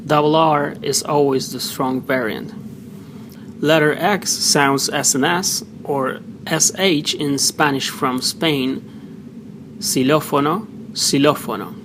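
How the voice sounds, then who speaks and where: Slow, careful male language teacher. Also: fairly high pitch. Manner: deliberate, sounds out example words one by one. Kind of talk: slow pronunciation lesson. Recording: noisy background hiss.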